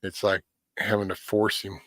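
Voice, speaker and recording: Recorded dry and close with no surrounding room, a middle-aged man with a low voice speaks at a moderate pace while hosting a casual morning livestream. His chat with viewers wanders comfortably, peppered with folksy asides and casual swearing.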